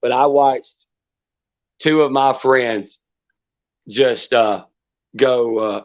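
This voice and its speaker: A man's voice: mid-range voice, extremely slow. A man cohosting a casual livestream chat, telling a rambling, profane story with many restarts. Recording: dull lo-fi stream audio.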